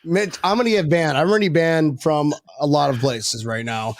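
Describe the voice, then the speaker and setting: Excitable high-voiced podcast host man. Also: moderate pace, no room sound. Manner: excitable, swearing, animated. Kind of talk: casual podcast banter.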